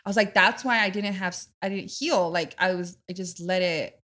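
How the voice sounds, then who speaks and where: Woman podcast host, bright clear tone, animated storyteller, casual chat, laughs a lot. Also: moderate pace. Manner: animated storyteller, acts out voices with loud high bursts and laughter.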